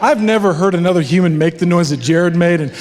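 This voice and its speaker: A middle-aged man giving a motivational speech, telling stories in a lively way and acting out other people's voices. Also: high-pitched, fast. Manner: animated storytelling, acts out voices. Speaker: motivational speaker. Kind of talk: keynote speech with live art. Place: large hall with live audience. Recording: long hall reverb, faint background noise.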